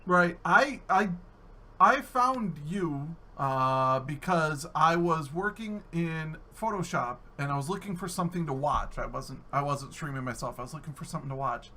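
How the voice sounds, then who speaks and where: A man hosting a laid-back podcast with a bright, forward tone. His voice sits a little high for a man. He chats easily and loosely with his guest. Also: expressive, normal speed, slight background noise. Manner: chatty, easygoing questions. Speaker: podcast host. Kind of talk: casual podcast interview.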